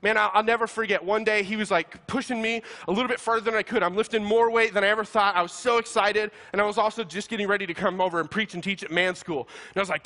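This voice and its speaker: Male pastor, bright and forceful tone, animated comic sermon storyteller. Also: high-pitched, quick pace, hardly any pauses. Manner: animated, self-deprecating, laughs while talking.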